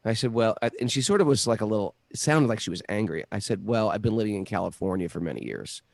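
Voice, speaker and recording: A middle-aged man tells a winding personal story in a casual, animated way, often restarting his sentences. His voice sits low with a gravelly edge, and the sound is dry and close. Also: quick pace, dry recording. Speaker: guest telling a story.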